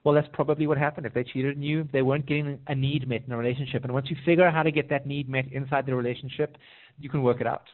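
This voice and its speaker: A man working as a relationship coach, answering viewer questions in a live Q&A and telling stories with lively quoted voices. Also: mid-range voice, very fast. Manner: animated storytelling with sing-song quoted voices. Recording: tinny phone-like audio.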